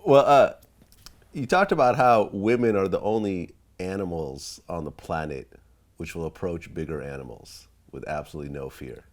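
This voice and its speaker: A man's voice: low-pitched, moderate pace. A male interviewer who prompts his guest with half-remembered stories and laughs along. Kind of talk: interview questions.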